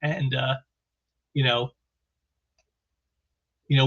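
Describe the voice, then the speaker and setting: Male comic reviewer, higher voice, rambling delivery with many restarts, dull lo-fi sound. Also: fairly even intonation, moderate pace, fairly bright tone. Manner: rambling, heavy with "you know" fillers and restarts. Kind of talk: casual solo commentary. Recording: muffled lo-fi recording.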